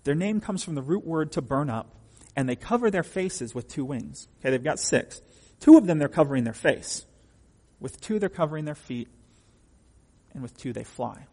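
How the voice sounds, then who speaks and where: Husky preacher in a reverberant hall. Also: male voice, on the high side, expressive, moderate pace, warm tone. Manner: emphatic, asks the congregation questions. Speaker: pastor. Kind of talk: sermon.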